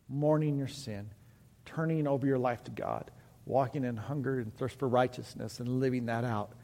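A man's voice: mid-range voice, mellow. A man preaching a sermon as pastor, earnest and building to impassioned pleading before leading a prayer. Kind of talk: sermon with altar call and prayer. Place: church sanctuary. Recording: long church reverb.

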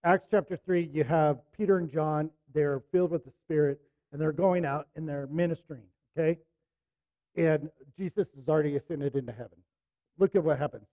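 A middle-aged man preaching a sermon, telling a personal story in a conversational way, dropping to soft asides and rising to emphatic bursts. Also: fairly high pitch, brisk, no room sound, lo-fi sound. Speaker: pastor.

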